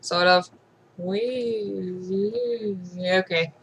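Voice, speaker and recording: A woman talks into a camera held close to her face, rambling casually at home in a voice of middle pitch. She giggles often and sounds silly and a little self-conscious. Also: extremely slow, background noise. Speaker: vlogger.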